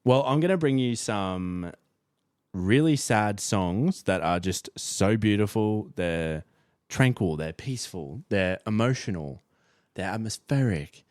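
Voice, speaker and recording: A young man co-hosts a music podcast in loose, joking chat. His voice sits fairly low and he often trails off mid-thought. The sound is close and dry. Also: lively intonation, unhurried, darkish tone, no echo. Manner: laid-back, playful, trails off. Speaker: podcast co-host. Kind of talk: casual chat.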